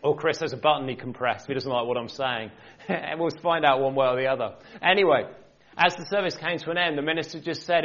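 A man's voice: a little high, fast talker, fairly bright tone, lo-fi sound. A man, a minister telling his own story of faith in a church, conversational with light joking asides. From England. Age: 40s. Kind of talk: personal testimony in a church talk.

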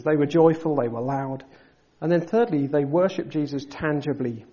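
A man preaching a sermon, asking his listeners rhetorical questions and building to loud, emphatic passages. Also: on the high side, moderate pace, lo-fi sound.

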